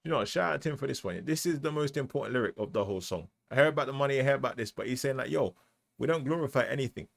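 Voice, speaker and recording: Racing along in a gravelly, expressive mid-range voice, this British-accented man riffs on a music track he's listening to. His commentary is slangy and relaxed, peppered with "you know what I mean."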